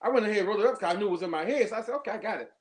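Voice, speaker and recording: Male poet, high voice, animated storyteller, casual. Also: very fast. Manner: animated storyteller, acts out quotes. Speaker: poet, workshop student. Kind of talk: casual chat.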